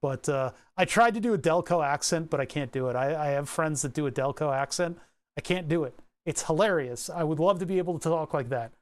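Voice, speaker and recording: A man's voice: a little high, fairly quick. A man chatting casually on a livestream from his home workshop, rambling and often restarting his sentences. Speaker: streamer.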